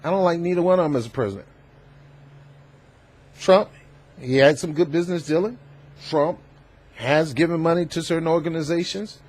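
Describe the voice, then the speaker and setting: A man's voice: fairly high pitch, normal speed, pauses often. Emphatic man in a commentary vlog. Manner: emphatic, animated, preachy. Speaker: host.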